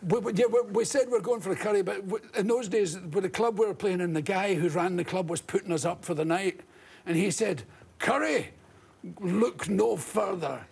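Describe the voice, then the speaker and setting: An older Scottish comedian telling animated, laughing anecdotes as a talk-show guest. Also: male voice, high voice, fairly quick, slightly rough. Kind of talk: storytelling talk-show interview.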